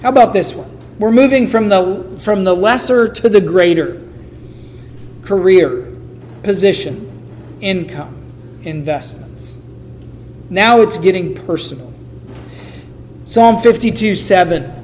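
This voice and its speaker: A man's voice: sits high, takes it slowly, long pauses, a little mellow, a little hiss or hum. A man preaching a sermon in a conversational way, acting out quotes from the people he talks about. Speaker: pastor.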